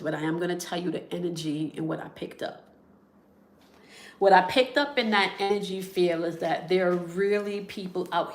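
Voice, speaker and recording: Give me a low-voiced woman telling a story in an echoey room. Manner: conversational, checks in with "okay?" and "right?"; drops to soft whispers at emotional moments. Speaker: spiritual reader sharing a story. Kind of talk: casual storytelling to viewers.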